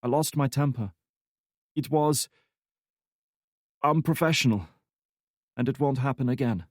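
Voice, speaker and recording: A man voices a guarded female operative in a remorseful mood, pitching slightly above his own voice while staying close to an everyday sound. His delivery is medium-pitched and measured, recorded clean in a studio with no echo.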